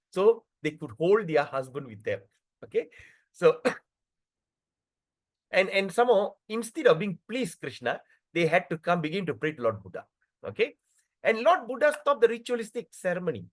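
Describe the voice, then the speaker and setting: A man teaching a devotional scripture class, checking in often with "okay" and "right", and spelling out pronunciation slowly. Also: fairly high pitch. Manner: lively, repeats words and checks in with "okay" and "right".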